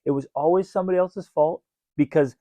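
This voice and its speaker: A man's voice: fairly high pitch, a little fast, warm tone, no room sound, highs cut off. A man hosting a podcast, talking casually and acting out his own self-talk in quoted voices. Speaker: podcast host.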